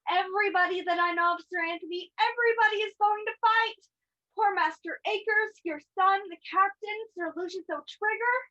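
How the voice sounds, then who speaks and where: A woman acting an excitable, breathless young maidservant in a live online play. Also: normal speed. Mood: frantic. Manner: breathless, excitable, shrill alarm. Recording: dull lo-fi video call audio.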